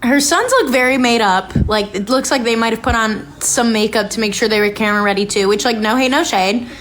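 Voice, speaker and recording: Reacting out loud while watching, this woman hosts a podcast recapping a reality show in a chatty, casual style crowded with filler words, "like" especially. She speaks fairly quickly in a fairly bright voice that sits on the high side.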